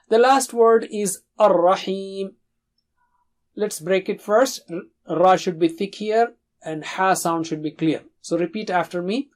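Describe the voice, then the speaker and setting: A Quran recitation teacher giving a slow, deliberate lesson, drawing out each syllable and pausing for learners to repeat, with calm explanations between drills. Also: mid-range voice.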